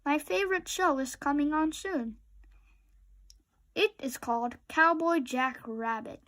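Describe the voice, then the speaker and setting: Woman doing a panicky high-pitched storybook rabbit. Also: a little slow. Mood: eager.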